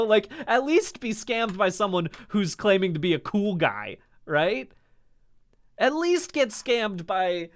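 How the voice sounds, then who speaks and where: A man streaming live, chatting casually to his audience, animated and self-mocking, and often laughing. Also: on the high side.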